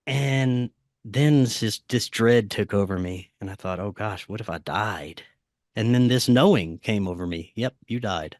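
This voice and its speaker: A man, a podcast guest, telling a personal story casually, dropping to a quieter voice when he quotes what was said. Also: fairly low pitch, unhurried, dry recording, studio quality. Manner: acts out quoted dialogue in a quieter voice; frequent fillers and restarts, animated retelling.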